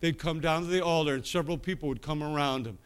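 A man preaching from the pulpit in a slightly higher-pitched voice. He tells his testimony with animation, dropping low and quiet, then climbing to loud, emphatic stretches. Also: fast talker, clear, resonant tone. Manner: animated storytelling that swings from quiet asides to loud emphatic bursts. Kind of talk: sermon, personal testimony.

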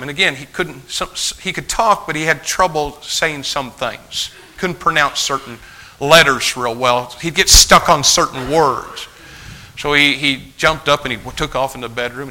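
A male preacher telling a folksy story in a sermon, animated, acting out the dialogue. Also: mid-range voice, poor audio.

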